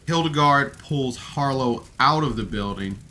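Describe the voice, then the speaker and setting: A man's voice: mid-range voice, a little slow, sharp tone. A man giving a casual, rambling review of a podcast episode on camera, emotional and full of fillers. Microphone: camera mic, seated on camera.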